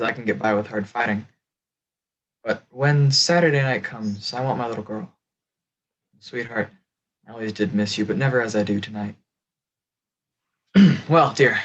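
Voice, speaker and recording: A man's voice: mid-range voice, moderate pace, pauses often, natural voice. A man reading as a homesick young soldier. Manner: plain, earnest, a little wounded. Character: young 1918 soldier, shy, earnest, homesick. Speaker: reader of historical letters. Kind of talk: dramatic letter reading. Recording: dull lo-fi recording.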